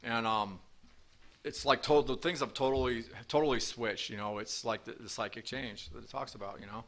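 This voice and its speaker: A man's voice: mid-range voice, fairly even intonation, normal speed, fairly bright tone. A man telling his recovery story at a meeting, rambling with lots of fillers and restarts. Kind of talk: personal recovery talk. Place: meeting room with audience.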